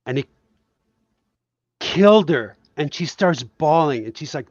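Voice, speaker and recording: A man's voice: a little high, expressive, unhurried, long pauses, no echo, dull audio. A man from Puerto Rico, a guest cartoonist, telling reflective, heartfelt stories in a casual podcast chat.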